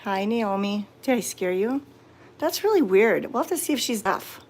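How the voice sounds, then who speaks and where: A woman live-streaming from a cat sanctuary, chatting casually with viewers and cooing softly at the cats. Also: medium pitch, lively intonation, moderate pace. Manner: soft-spoken, cooing baby talk to cats. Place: indoor cat room at a sanctuary.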